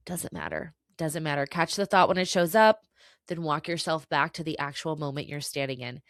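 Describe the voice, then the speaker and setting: A woman's voice: lowish voice, fairly bright tone, dry recording, clean studio sound. A woman hosting a solo podcast, giving an earnest, emotional pep talk with some swearing. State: tearful at times. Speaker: podcast host.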